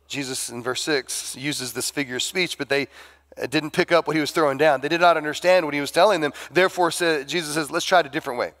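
A man preaching a sermon as pastor, animated and acting out the dialogue of the people in his story. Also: fairly high pitch, a little fast. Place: church sanctuary.

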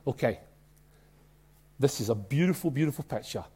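A man with a Glasgow Scottish accent preaching a sermon in a church, emphatic and excitable, swinging between soft and loud. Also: medium pitch, moderate pace, breathy edge. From Scotland. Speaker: pastor.

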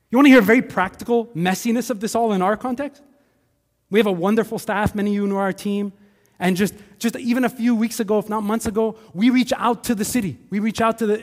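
A man with a Quebec accent preaching a conversational sermon as a pastor, animated and full of acted asides. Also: high-pitched, long reverb tail. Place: church sanctuary.

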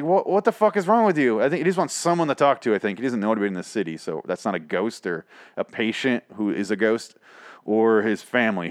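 A man casually recapping a TV show in a profane, excitable, rambling way. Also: on the low side, no echo, clean studio sound.

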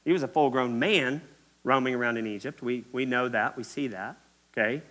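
Kentucky pastor preaching with emphatic repetition. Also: male voice, mid-range voice, normal speed, a bit bright. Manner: emphatic, repetitive, addresses the congregation directly. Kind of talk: sermon. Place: church.

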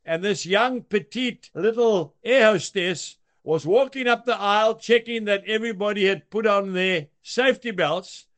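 A man's voice: high voice, normal speed, few pauses. A man giving a short daily devotional, telling anecdotes with chuckles. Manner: warm storytelling with chuckles. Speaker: devotional speaker.

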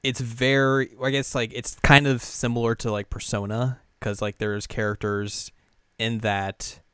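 A man co-hosting a podcast, explaining things in a laid-back, halting way full of fillers. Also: mid-range voice, level tone, a bit bright, clear, resonant tone, no echo, studio quality. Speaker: podcast co-host. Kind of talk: casual chat.

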